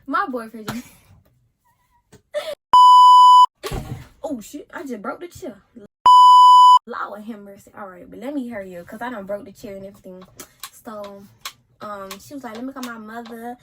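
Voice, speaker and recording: A teenage girl, casually telling a story in an animated way for a vlog. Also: mid-range voice, moderate pace, heavy background noise. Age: teens. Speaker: vlogger.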